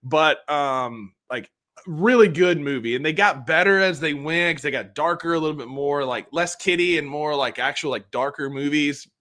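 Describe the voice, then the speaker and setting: A man's voice: fairly high pitch, normal speed, bright, forceful tone. A man co-hosting a casual sports podcast, upbeat and enthusiastic as he chats. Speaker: podcast co-host.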